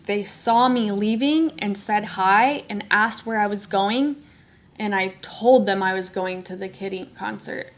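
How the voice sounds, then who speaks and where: A woman's voice: medium pitch, measured pace, slight background noise. A young woman hosting a podcast, telling a personal story casually and acting out the voices of people she quotes. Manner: animated, acts out quoted voices. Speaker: podcast host.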